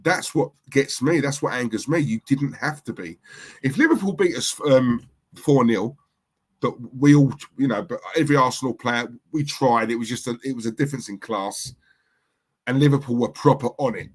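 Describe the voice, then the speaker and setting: A livestream host chats casually and reads out viewer comments, rambling and repeating himself. He speaks at normal speed in a medium-pitched voice.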